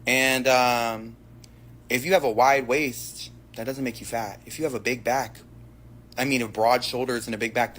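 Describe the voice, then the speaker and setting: A man's voice: mid-range voice, a bit bright, a little hiss or hum. Brash, profane man monologuing to camera. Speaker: social media commentator.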